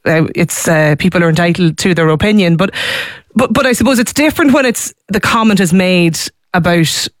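A woman's voice: on the low side, a little fast, dry recording. A Donegal woman hosts a radio talk show, chatty and full of restarts. She speaks close to a studio mic, and the sound is dry. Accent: Donegal Irish. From Donegal, Ireland. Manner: warm, chatty, with many restarts. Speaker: radio host.

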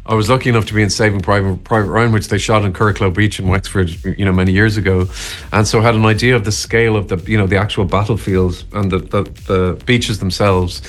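A middle-aged actor being interviewed, talking casually and thoughtfully, with lots of hesitations and restarts. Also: male voice, lowish voice, fairly even intonation, fast.

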